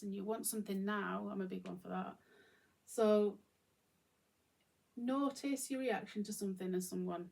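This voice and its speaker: A woman talks through her thoughts in an easy, informal way, often pausing and restarting her sentences. Her mid-pitched voice carries a noticeable gravelly fry. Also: darkish tone. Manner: musing, informal, many fillers and restarts. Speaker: channel host. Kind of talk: reflective solo talk to camera.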